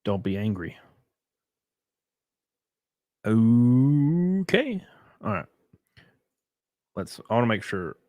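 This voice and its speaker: A man's voice: fairly low pitch, moderate pace, no echo, clean studio sound. A man hosting a live stream in a loose, rambling, joking way, reading out viewer messages and thanking them. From Southern United States. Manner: rambling, jokey, reads out chat messages. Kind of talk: casual live-stream chat.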